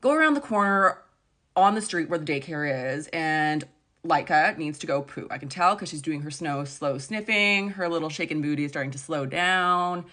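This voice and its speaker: Chatty low-voiced woman vlogger. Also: normal speed. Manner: chatty, animated retelling with many "like"s. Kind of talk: casual storytime chat.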